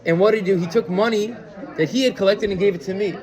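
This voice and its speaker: A man's voice: high voice, fast talker, darkish tone, some chatter behind. A man, a rabbi, giving an informal class to listeners, talking casually with many fillers and restarts and asking them questions. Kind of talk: informal Torah lecture with storytelling.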